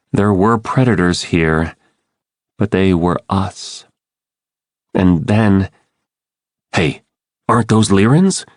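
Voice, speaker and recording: Expressive low-voiced male audiobook narrator. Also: no echo, studio quality. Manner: expressive, dramatic reading. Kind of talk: scripted narration.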